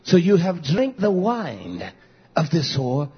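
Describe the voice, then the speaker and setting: Husky shouting preacher man. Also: huge pitch swings, slow pace, lo-fi sound. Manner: preaching with shouted peaks and low murmured asides, many "uh" fillers. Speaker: pastor. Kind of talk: fiery sermon.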